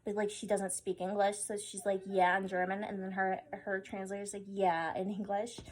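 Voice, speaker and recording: A woman's voice: mid-range voice, level tone, normal speed. A drunk woman rambling through a comedic history retelling, slangy and profane, full of "like" and "oh my God". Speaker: storyteller.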